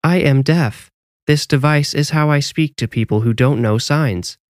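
A man voicing a deaf adult woman who speaks through a robotic talking device in a flat, halting, machine-like way. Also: on the high side, dry recording, clean studio sound, voice pushed up, close to an everyday voice.

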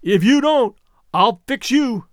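A man voicing a big, menacing male poacher who shouts threatening warnings across the water. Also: extremely high pitch, lively intonation, slow pace, no echo, clean studio sound, voice pushed up, exaggerated voice.

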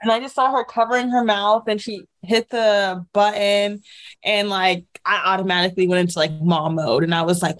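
A woman's voice: medium pitch, fairly even intonation, moderate pace. A young woman chats through a story on a podcast, voice sitting in an ordinary middle range. She talks loosely, with plenty of fillers and easy laughs along the way. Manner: chatty, lots of fillers and laughs. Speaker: podcast co-host. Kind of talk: casual storytelling chat.

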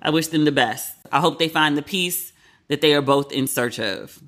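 A man's voice: a little high, moderate pace, fairly bright tone. A man hosting his own podcast, talking candidly and animatedly in casual solo commentary, with frank, profane asides. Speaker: podcast host.

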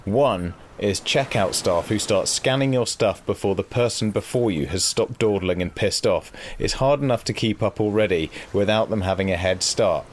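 Co-host, man, lowish voice, dry and self-deprecating, reads letters, faint room hiss. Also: moderate pace, hardly any pauses. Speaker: podcast co-host. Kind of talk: casual podcast chat.

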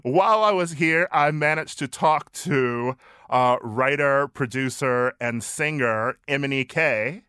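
A man's voice: medium pitch, slow, bright, forceful tone, clear, resonant tone, no echo. Guy cohosting a podcast over a call, dry teasing humor, dead dry sound. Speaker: podcast co-host. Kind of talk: casual podcast banter. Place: calling in remotely.

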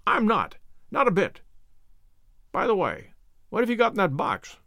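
A man reading aloud and voicing a blunt, hasty old farmer who speaks his mind briskly. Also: sits high, huge pitch swings, gravelly, fairly bright tone, dry recording, clean studio sound, exaggerated voice. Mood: blunt, friendly. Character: gruff outspoken older farmer, hasty but kindly.

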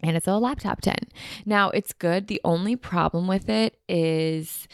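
Young woman, podcast host, bubbly rambling chat, gravelly fry, dry close sound. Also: lowish voice, a little slow, dry recording. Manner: bubbly, chatty, rambling with many fillers. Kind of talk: casual chat. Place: beach house.

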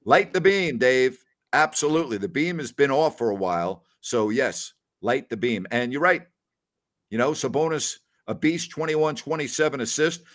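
A man hosting a casual post-game livestream, animated as he reads out viewer comments. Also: mid-range voice, moderate pace. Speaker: podcast host.

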